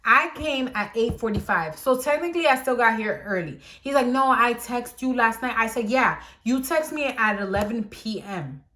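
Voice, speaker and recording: A woman's voice: on the high side, moderate pace, few pauses. A young woman vlogger animatedly telling a personal story time and acting out what people said. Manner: animated storytelling, acts out quotes.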